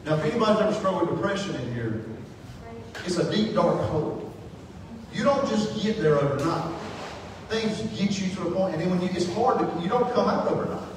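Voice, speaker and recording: A man preaches his testimony from the pulpit, pouring out feeling and shifting from hushed passages to shouted ones. His voice sits high, and it reaches the mic from some distance across an echoing church hall. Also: expressive, fairly quick, slight background noise. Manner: impassioned, swings from hushed to shouting. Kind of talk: sermon testimony.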